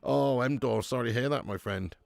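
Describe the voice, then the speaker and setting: Here the same kind of football watch-along host talks fairly quickly in a medium-pitched voice with vocal fry and a slightly mellow quality. He laughs a lot, swears freely and chats casually over viewer comments, captured in a dry recording.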